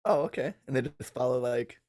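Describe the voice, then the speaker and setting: A man chatting casually as a podcast guest, easygoing and quick to laugh. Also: mid-range voice, animated, a little mellow. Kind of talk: casual chat.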